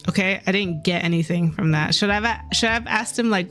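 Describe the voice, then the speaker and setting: A woman's voice: medium pitch, quick pace, few pauses, a bit bright, soft background music. A woman streaming an otome game, reading its dialogue aloud and chatting playfully with her viewers, with small changes of voice for the characters.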